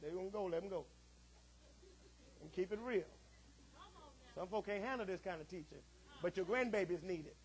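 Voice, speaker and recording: A man a sermon as pastor, calling out to the congregation and swinging from quiet asides to shouts. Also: high voice, normal speed, long pauses, a crowd in the background. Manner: call-and-response preaching, rising to shouts.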